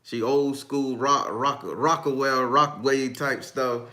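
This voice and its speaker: A man's voice: mid-range voice, slow pace, bright, forceful tone. A man hosting a casual livestream as a tarot reader, talking emphatically and profanely, reading viewers' comments aloud and often laughing. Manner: breaks into frequent laughter.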